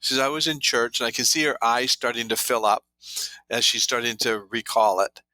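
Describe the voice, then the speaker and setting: A man's voice: medium pitch, brisk, pushed and bright, no room sound, low-quality recording. A man guest on an interview show, an author who tells anecdotes full of quoted dialogue. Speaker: guest, trauma therapy author. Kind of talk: storytelling interview talk.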